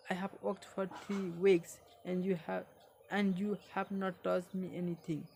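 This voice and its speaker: A woman, not a native English speaker, reading a book aloud in a halting way and repeating phrases for learners. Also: lowish voice, flat delivery, vocal fry, warm tone, slight background noise.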